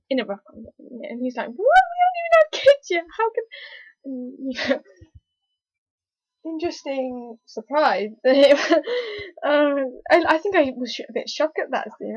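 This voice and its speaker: A woman talking casually in a review vlog, rambling and hesitant with lots of fillers, an excitable fan. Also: high-pitched, slightly rough, no room sound. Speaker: TV episode reviewer. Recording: dull lo-fi, dry recording.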